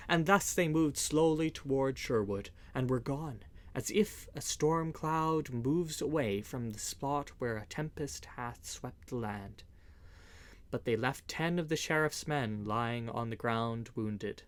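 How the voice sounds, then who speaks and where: A man narrating an old-fashioned adventure story, reading it aloud in a measured, expressive way. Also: mid-range voice. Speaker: audiobook reader.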